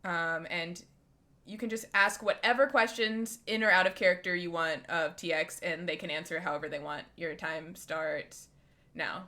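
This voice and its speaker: A woman's voice: on the low side, steady tone, moderate pace, bright, forceful tone. A woman running a tabletop game as dungeon master, narrating scenes in a rambling way full of likes and ums.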